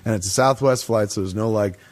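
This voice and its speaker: A man telling a story in a casual, profane way, acting out the people in it with higher voices. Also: a little fast. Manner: animated, swears constantly, acts out quoted people in higher voices. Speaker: guest storyteller.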